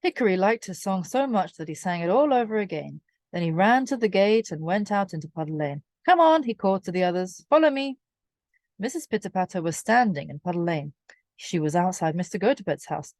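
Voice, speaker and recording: A woman reading a children's storybook aloud, slow, clear and expressive for young listeners. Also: lowish voice, no room sound, studio quality. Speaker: reader.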